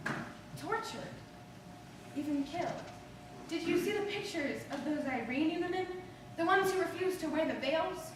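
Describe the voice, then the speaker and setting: A woman performing a theatrical monologue as a restless, emotional woman, telling her story in a charged, confessional way. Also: very high-pitched. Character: restless, ungrateful woman stranded waiting, emotional. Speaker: stage actor performing a monologue. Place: theater stage. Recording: distant echoey hall recording with background noise.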